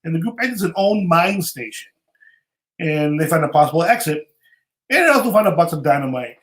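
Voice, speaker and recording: A man's voice: on the high side, animated, fairly quick, fairly bright tone, reverberant. A man hosting a podcast, recapping a show in casual, rambling chat and often repeating himself. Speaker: podcast host.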